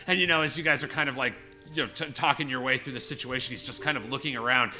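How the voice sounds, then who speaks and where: A man's voice: mid-range voice, fairly even intonation, fast talker, bright, forceful tone, faint music behind. A man narrating a tabletop game as game master, rambling with many fillers. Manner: rambling, filler-heavy storytelling.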